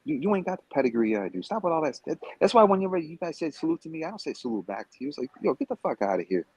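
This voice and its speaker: A man's voice: on the high side, sing-song, very fast, darkish tone, breathy edge, dry recording, low-quality recording. A man in a heated livestream rant, taunting and cursing at a rival, calling in remotely. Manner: profane, confrontational, taunting. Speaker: stream guest. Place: Las Vegas.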